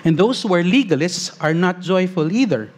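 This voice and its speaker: A man preaching a sermon as pastor, earnest, slowing on key phrases and rising as he reads scripture aloud. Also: high-pitched, lively intonation.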